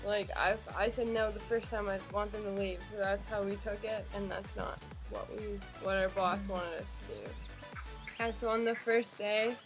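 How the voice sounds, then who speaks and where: A young woman casually and earnestly explaining what happened, talking to camera for a vlog. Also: medium pitch. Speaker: vlogger.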